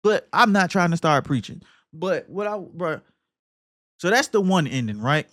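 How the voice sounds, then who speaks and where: A man hosting a podcast, talking casually and emphatically about a film, cursing freely and swinging between loud outbursts and low muttering. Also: lively intonation, measured pace, no room sound, studio quality. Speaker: podcast host.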